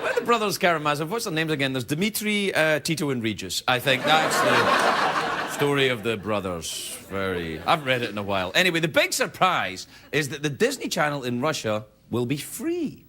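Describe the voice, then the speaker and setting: A man's voice: medium pitch, sing-song, normal speed, a little hiss or hum. A man hosting a late-night talk show, delivering a joking comedy monologue with self-mocking asides in a TV studio. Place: TV studio with a live audience. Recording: loud studio audience laughter.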